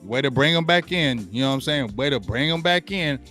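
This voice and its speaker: A man's voice: medium pitch, animated, fairly quick, bright, forceful tone, faint music behind. A man hosting a sports talk show, giving blunt, slangy opinions and repeating points for emphasis.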